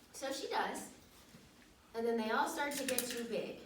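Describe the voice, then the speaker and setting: A woman's voice: fairly high pitch, expressive, normal speed, a bit bright, far from the mic, a little hiss or hum. A woman casually retelling a children's picture book in a loose, chatty way. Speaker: storyteller. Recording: echoey room, voice from off-mic.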